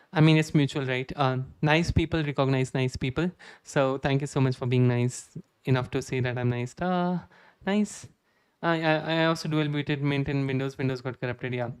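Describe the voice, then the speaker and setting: The recording is clean studio sound with no room echo, carrying a smooth, mid-range voice. It belongs to a twentysomething man who jokes at his own expense and often starts sentences over while casually talking to viewers on a live coding stream.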